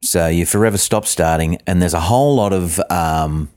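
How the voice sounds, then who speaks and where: A middle-aged Australian man telling a swearing, ranting comic story, breaking into high outbursts. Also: normal speed, a little mellow. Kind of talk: comic monologue.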